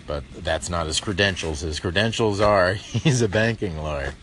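A man's voice: low-pitched, moderate pace, fairly bright tone, a little hiss or hum. A man hosting a call-in radio show, rambling and chuckling wryly as he talks. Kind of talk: casual call-in talk.

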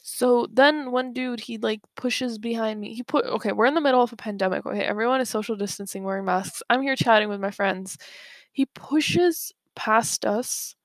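A woman's voice: on the high side, normal speed, no echo, studio quality. A young woman hosting a podcast, telling a story in a chatty way with lots of fillers and restarts, and getting worked up. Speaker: podcast host. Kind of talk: casual storytelling monologue.

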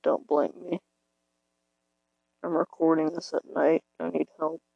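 A woman's voice: low-pitched, level tone, a little slow, creaky, husky, no echo, muffled recording. A teenage girl rambling hesitantly into her phone from her bed late at night, self-deprecating, her voice cracking now and then. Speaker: podcaster. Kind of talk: casual rambling monologue.

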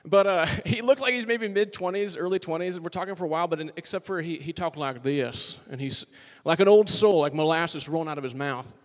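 His words come fast and nearly without pause, in a high-pitched voice, as this worship leader in his twenties jokes his way through a relaxed sermon for college students. He's chatty and upbeat, leaning on "like" and "you know." Long reverb from the large hall surrounds him and the live audience.

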